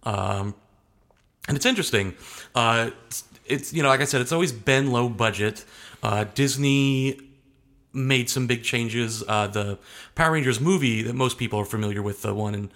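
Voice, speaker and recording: A man's voice: medium pitch, normal speed, fairly bright tone. A young adult man talking casually as an interview guest, rambling and hesitant, often restarting his sentences.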